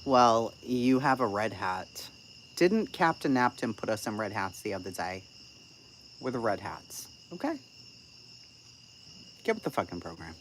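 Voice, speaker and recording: A woman's voice: extremely low pitch, sing-song, measured pace, long pauses, slight background noise, poor audio. A woman chatting casually on a live stream. She is blunt and profane, swears freely, and tells a sarcastic story about an argument.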